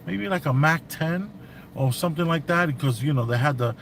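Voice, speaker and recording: A man telling a story in casual commentary, animated and slangy, acting out what others said. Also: a little high, brisk, a little hiss or hum. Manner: animated, acts out quotes, slang.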